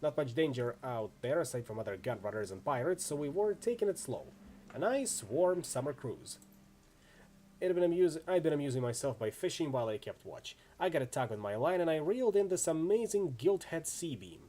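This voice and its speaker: A man's voice: on the high side, animated, a little fast, warm tone, a little hiss or hum, lightly acted. A man voicing a brash, tough female mercenary in a game reading, telling stories in a chatty, wry way.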